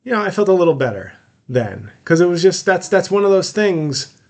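A man's voice: high-pitched, sing-song, a little fast, a little mellow. A man hosting a podcast, telling a long personal story in a casual monologue, full of fillers and restarts. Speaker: podcast host, comedian.

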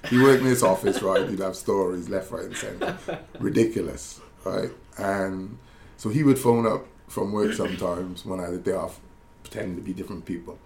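Low-voiced former footballer telling anecdotes. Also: male voice, moderate pace, gravelly, hardly any pauses, darkish tone. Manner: rambling, laughing anecdotes with self-corrections. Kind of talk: casual storytelling chat. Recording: roomy echo with faint background noise.

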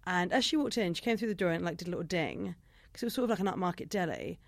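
A young woman, co-hosting a casual chat and telling animated stories. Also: on the low side, very fast, vocal fry, no echo, studio quality. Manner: chatty, animated storytelling with mimicked voices.

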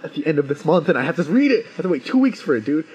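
Young man excitedly retelling, lo-fi. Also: fairly high pitch, racing, crowd noise. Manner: excited retelling, acts out the characters. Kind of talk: casual chat. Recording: dull lo-fi recording.

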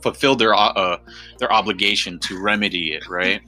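Bright-voiced American man telling a story. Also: lowish voice, fairly even intonation, a little fast, soft background music. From United States. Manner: rambling, many fillers and restarts. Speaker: podcast co-host. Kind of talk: casual storytelling chat.

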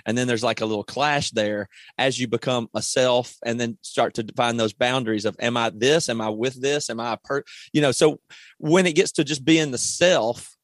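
A man's voice: medium pitch, fairly even intonation, moderate pace, dry recording. Musing podcast host man, dry sound. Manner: musing, enthusiastic, thinks aloud. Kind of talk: conversational interview.

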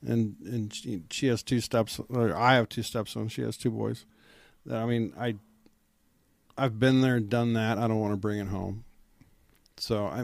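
A Midwestern man in his forties speaks in a low, gravelly voice. He talks in a low-key, dry way, often trailing off. The mic sits close and the sound is dry. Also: darkish tone, no echo. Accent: Midwestern American. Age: 40s. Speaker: police officer guest. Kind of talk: casual podcast chat.

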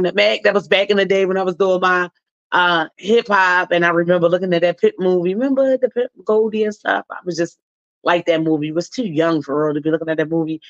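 A woman's voice: on the low side, dry recording. A woman hosting a radio talk show, chatting loosely about celebrity news in a slangy way and drawing out her emphasis. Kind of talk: casual commentary on celebrity news. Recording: dull lo-fi sound.

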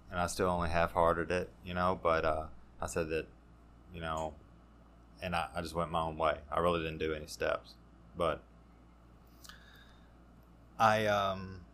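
Low, bright-voiced man telling his story. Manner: halting, many fillers and restarts. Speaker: podcast guest sharing recovery story. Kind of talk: casual conversational storytelling.

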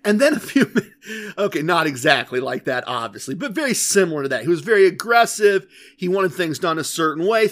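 A man's voice: sits high, a bit bright. A man hosting a podcast, telling a story in a chatty, wry way and laughing at himself. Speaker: podcast host.

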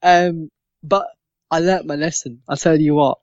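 A man in his thirties, a podcast co-host, telling a lively anecdote with plenty of swearing and acted-out voices. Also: fairly high pitch, a little slow, no echo. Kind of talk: casual storytelling. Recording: dry, slightly dull lo-fi sound.

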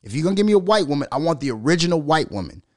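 A middle-aged man ranting in a loud, profane, storytelling way as a commentary vlogger. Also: a little high, sing-song, racing, dry recording, clean studio sound. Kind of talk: unscripted profane rant.

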